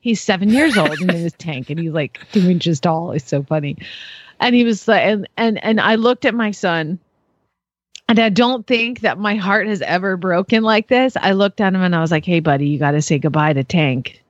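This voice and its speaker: A woman's voice: medium pitch, moderate pace, no room sound, muffled recording. A woman co-hosting a radio show, telling a family story in casual chat, laughing often and acting out the voices. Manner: animated, laughing storyteller who acts out voices.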